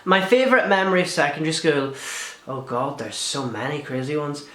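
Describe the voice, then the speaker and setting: A man's voice: a little high, brisk, sharp tone, echoey room. A young man, chatting and swearing freely as he answers viewer questions in a casual vlog. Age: young adult. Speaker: video blogger.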